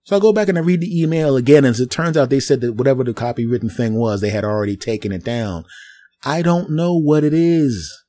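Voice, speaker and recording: A middle-aged man hosting a solo podcast, ranting in an animated way and acting out voices as he goes. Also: medium pitch, fast. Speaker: podcast host.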